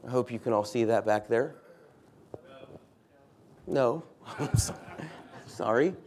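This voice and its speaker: A pastor preaches to his church in a mid-pitched male voice. He leans on key words and repeats them for emphasis. He keeps asking the congregation questions as he goes. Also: takes it slowly, a little mellow. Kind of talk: sermon.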